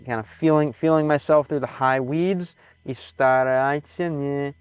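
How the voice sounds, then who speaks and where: An American man streaming live in casual commentary, halting and repeating words as he slowly sounds out foreign phrases. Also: medium pitch, clear, resonant tone, no room sound. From United States.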